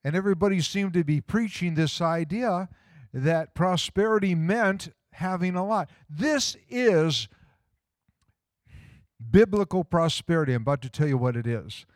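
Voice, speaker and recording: Folksy preacher man, smooth clear voice. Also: high voice, a little slow, dry recording, clean studio sound. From small-town Midwest US. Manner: folksy, conversational preaching with rhetorical questions. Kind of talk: sermon.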